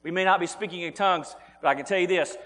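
A man's voice: high voice, quick pace, sharp tone. A man preaching a sermon as pastor, earnest and repeating words as he presses his points, calling the listeners folks. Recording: long hall reverb.

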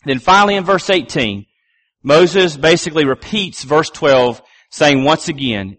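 A middle-aged man preaching a sermon, repeating key phrases and slowing down, low and deliberate, when he reads scripture. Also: lively intonation, a bit bright. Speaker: pastor.

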